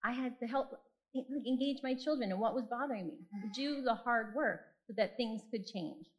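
A woman's voice: on the high side, normal speed, low-quality recording. A woman in her forties giving a personal faith talk, candid and self-deprecating as she tells stories from her own life. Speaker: speaker.

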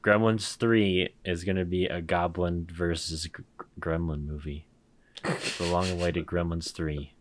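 A man co-hosting a podcast in casual chat, reacting quickly and adding amused interjections. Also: low voice, fairly even intonation, noisy background. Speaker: podcast co-host.

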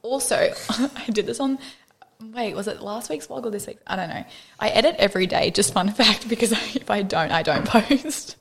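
A woman's voice: medium pitch, moderate pace, creaky, slight background noise. A young Australian woman co-hosting a podcast, chatting casually and laughing often. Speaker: podcast co-host. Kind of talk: casual chat.

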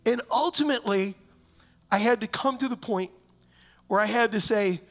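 A man's voice: sits high, normal speed, pauses often, a bit bright. Man preaching a storytelling sermon. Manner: storytelling, asks the congregation questions often. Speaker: pastor. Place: church in front of a congregation.

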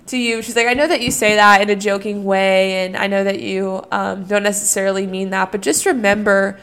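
A woman's voice: mid-range voice, level tone, fairly quick, a bit bright, clear, resonant tone. A young woman, a college student, talking casually and earnestly about her faith, often using "you know" and "like". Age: young adult. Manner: earnest, reflective, many fillers like "you know" and "like". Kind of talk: casual devotional talk.

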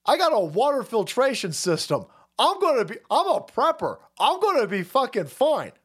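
A man's voice: very high voice, wildly swooping pitch, normal speed, a bit bright, breathy edge. A man ranting on a livestream, profane and heated, with frequent stammering restarts. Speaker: streamer. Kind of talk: livestream rant.

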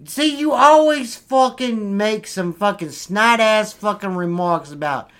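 A man's voice: high voice, measured pace, a bit bright, clear, resonant tone. A man in an improvised comedy skit, blustering and swearing nonstop. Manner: profane, blustering, rowdy.

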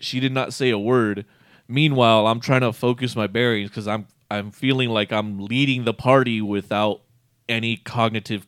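A man's voice: mid-range voice, no echo, studio quality. Laughing, profane man telling a story. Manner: profane, laughing, animated retelling. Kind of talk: casual anecdote telling.

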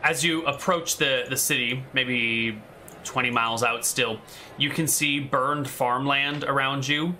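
A man's voice: mid-range voice, fairly even intonation, a little slow, bright, forceful tone, slight background noise. A man narrating a tabletop game as game master, describing scenes while thinking aloud.

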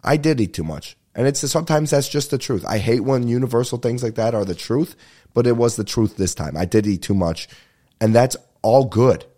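A young man hosting a podcast, rambling in casual chat, swearing freely and talking fast. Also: mid-range voice, expressive, mellow. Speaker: podcast host.

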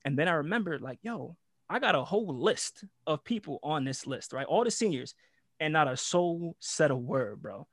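A man's voice: a little high, very animated, normal speed, dry recording, clean studio sound. A young man from New York with a New York accent, telling a prank story in a casual, profane, slangy chat and acting out the voices. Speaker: guest storyteller.

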